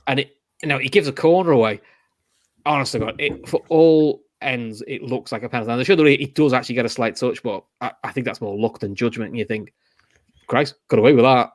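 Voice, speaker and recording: On his casual football podcast, a young host with a Liverpool accent speaks fast in a mid-range voice. He tells animated stories and acts out the reactions, captured in a dry, clean studio recording.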